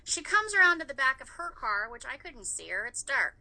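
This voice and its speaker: A woman's voice: high-pitched, big pitch swings, a little fast, sharp tone, poor audio. A woman in her thirties in casual chat, telling a story with animation and swearing freely.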